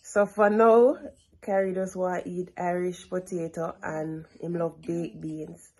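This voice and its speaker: Slow, mellow-voiced woman. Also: fairly low pitch, fairly even intonation, slightly rough. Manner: soft and unhurried, coaxing sing-song with her toddler. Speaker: vlogger mother. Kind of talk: casual vlog chat. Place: home, kitchen and bathroom.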